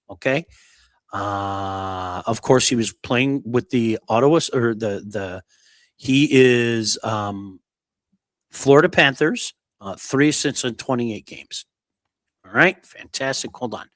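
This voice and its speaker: A man hosting a sports talk show, blunt and animated, reading out viewer comments and going over player stats. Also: mid-range voice, slow pace, dry recording, clean studio sound.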